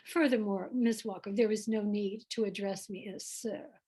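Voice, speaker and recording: A woman's voice: medium pitch, fairly even intonation, moderate pace, warm tone, husky, close to an everyday voice. A woman reading as a pompous male acting teacher. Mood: haughty. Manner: haughty, over-precise diction.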